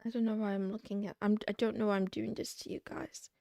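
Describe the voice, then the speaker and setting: A young woman streaming, chatting casually and rambling as she browses, thinking out loud and trailing off. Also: medium pitch, little pitch movement, quick pace, gravelly, dry recording, studio quality. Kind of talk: casual livestream chat.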